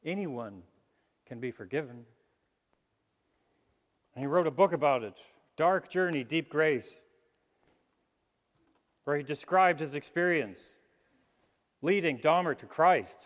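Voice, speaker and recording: Male pastor, sermon, animated storytelling, slightly high voice, long hall echo. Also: slow, pauses often. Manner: animated, acts out quoted voices, chuckles often.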